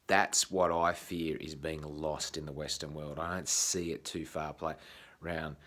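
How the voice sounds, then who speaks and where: Aussie bloke with a real low voice, rambling on camera, lots of swearing and false starts. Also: male voice, little pitch movement, a bit bright. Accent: Australian. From Australia. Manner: frequent swearing, halting restarts. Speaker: vlogger. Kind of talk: casual rambling monologue.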